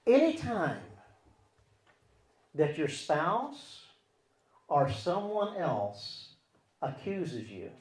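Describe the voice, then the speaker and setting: This man teaches about relationships from a Christian perspective, sermon-style, his fairly high voice rising and falling widely. Loud, emphatic stretches give way to quiet near-murmurs, he keeps asking his audience rhetorical questions, and the room lends a roomy echo.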